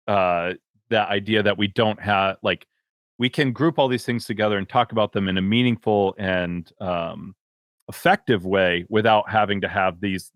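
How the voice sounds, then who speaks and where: A man hosts a podcast in a loose, rambling way, circling back with fillers before landing his point. His voice is fairly low. The sound is dry and close, with no room echo. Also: fairly bright tone. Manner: rambling, hesitant, filler-heavy. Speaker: podcast host. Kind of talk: casual podcast conversation.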